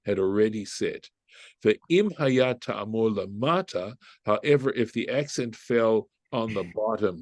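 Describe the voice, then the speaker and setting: A man leads a text-study lesson as a rabbi, working slowly through each phrase. His voice sits a little low, and the recording is dry and close. He reads a phrase, translates it, and often halts and restarts as he goes. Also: darkish tone, no echo. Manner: reads Hebrew then translates, thinking aloud; halting, with restarts while reading. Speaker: rabbi teaching Torah study.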